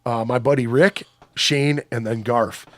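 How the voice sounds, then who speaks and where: A man's voice: medium pitch, fairly even intonation, unhurried, no echo. A man telling a long story in casual chat as a podcast guest, swearing a lot and acting out the quotes in a rambling way. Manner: profane, rambling storyteller who acts out quotes.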